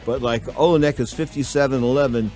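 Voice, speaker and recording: A man hosting a radio talk show, telling rambling, animated stories to his co-host and listeners. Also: mid-range voice, fast talker, soft background music.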